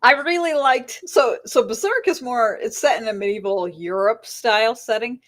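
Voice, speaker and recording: A woman author being interviewed, telling lively anecdotes with frequent laughter and acted-out voices. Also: a little high, normal speed. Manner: animated storyteller, laughs often, acts out voices in anecdotes. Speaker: author guest. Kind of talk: casual interview chat.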